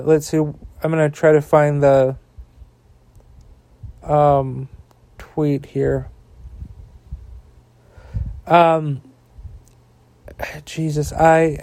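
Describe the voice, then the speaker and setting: A man's voice: a little high, mellow, smooth, dry recording. A tired man hosting a podcast alone, rambling and swearing about the news, with many fillers. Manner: profane, angry ranting; slow, rambling delivery with frequent fillers. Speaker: podcast host. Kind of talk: casual solo political commentary.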